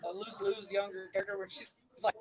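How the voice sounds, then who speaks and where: High-voiced man with a mild Southern accent. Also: level tone, fast, a loud crowd. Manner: self-deprecating, storytelling. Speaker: podcast co-host. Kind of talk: casual banter among friends.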